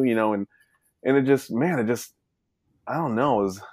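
A man with a mid-range voice tells his family story, rambling through fillers and getting animated as he goes. The sound is dry and close, with no room around it. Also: medium pitch, normal speed, dry recording. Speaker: guest, son. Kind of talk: casual storytelling interview.

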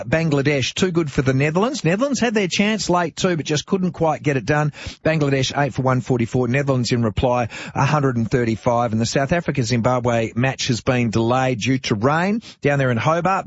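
Husky Australian man hosting sports radio. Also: medium pitch, highs cut off. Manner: opinionated, conversational with fillers. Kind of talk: talkback radio chat.

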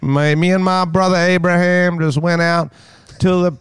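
A man hams up a folksy, churchgoing Southern American man, his put-on Southern drawl laid on thick. The voice is smooth and resonant, recorded close and dry. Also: high voice, little pitch movement, moderate pace, fairly bright tone, no echo, pitched above the performer's own voice. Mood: hammy. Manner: joking, hammy.

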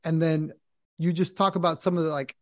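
A man's voice: fairly high pitch, a little fast, no room sound. Man breaking down football, dry close mic. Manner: fluent, steady analytic breakdown. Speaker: podcast co-host. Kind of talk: sports talk analysis.

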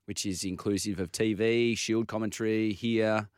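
A low-voiced man co-hosts sports radio, answering in dry, laconic quips about cricket. The sound is close and dry. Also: steady tone, moderate pace, smooth, no echo. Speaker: radio co-host and cricket commentator. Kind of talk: casual sports radio banter.

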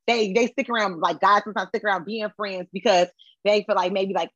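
A woman's voice: mid-range voice, steady tone, a little fast, a bit bright, no echo, muffled recording. A woman talking as a guest in a casual podcast chat, loose and conversational, circling back with fillers. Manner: conversational, repeats filler words.

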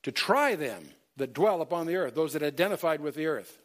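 Male Bible teacher, fairly high voice, emphatic lecture delivery with frequent fillers and restarts. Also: animated, fairly quick, a bit bright. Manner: emphatic, quotes scripture in King James wording; many fillers and self-corrections.

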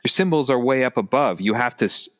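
A man co-hosting a podcast in casual chat, excitable and laughing often, acting out drum sounds. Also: mid-range voice, fast. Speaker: podcast co-host.

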